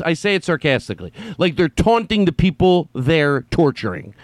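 This man's unscripted monologue wanders, with stuttered false starts and plenty of swearing, and it swings between soft reflection and loud, fiery rants. The pitch is fairly high and moves in big swings, his pace is moderate, and he rarely pauses. No room sound comes through.

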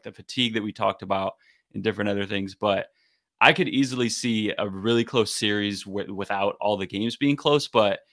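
A man's voice: lowish voice, creaky, fairly bright tone, no echo, studio quality. A man co-hosting a podcast, chatting casually and thinking aloud in long, qualified sentences. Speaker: podcast co-host. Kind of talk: casual sports chat.

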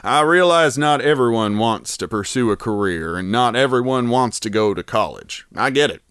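A man's voice: medium pitch, animated, moderate pace, a bit bright, clean tone, no room sound, studio quality, natural voice. A man reading a lonely-hearts ad in a put-on Texan accent, playing an earnest Texan guy. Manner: exaggerated drawl, reading aloud.

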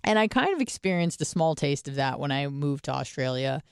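A young woman from the States chats candidly on a podcast, dropping swear words and fillers as she goes. Her voice is smooth and clear, recorded close with no room sound. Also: low-pitched, animated, fairly quick, no room sound. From United States. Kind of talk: casual podcast chat.

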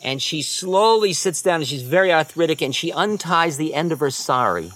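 A man telling stories from his time with a teacher, in an easy, conversational way. His voice sits a little high for a man, and his asides often drop low and quiet. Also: animated, moderate pace. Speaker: spiritual teacher. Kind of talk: storytelling talk.

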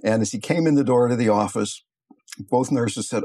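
An older man teaching meditation, telling stories in a calm, unhurried, reflective way. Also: medium pitch, husky. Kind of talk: teaching talk with storytelling.

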